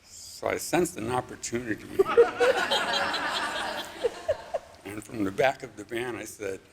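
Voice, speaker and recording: A man telling a story on stage at a live story slam, in a dry, understated, deadpan way. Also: lowish voice, moderate pace, vocal fry, very noisy.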